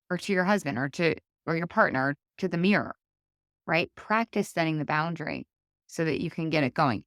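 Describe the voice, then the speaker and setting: Low-voiced lady doing a chatty solo podcast, acts out little conversations, dry close sound. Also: no echo. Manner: chatty, animated, acts out quoted dialogue. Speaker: podcast host and life coach.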